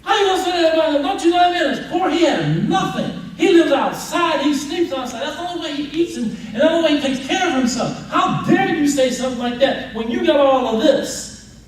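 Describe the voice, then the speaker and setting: Brief: a man playing a furious young student, high and shouting, in a booming hall. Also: lively intonation. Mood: outraged. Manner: loud, rapid, exasperated protest. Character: indignant young male student, outraged and shouting. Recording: echoey hall, mic far off.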